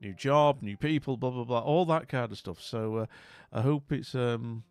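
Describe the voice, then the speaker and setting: A man's voice: mid-range voice, moderate pace, clean tone, no echo, faint music behind. A man hosting a live stream, chatting casually and rambling with lots of fillers.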